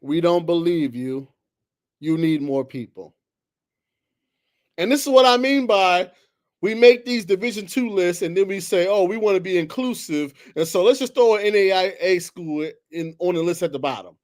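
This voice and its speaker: A man hosting a solo sports talk show, heated and exasperated, jumping from loud outbursts to low muttering. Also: normal speed. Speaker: sports commentary host.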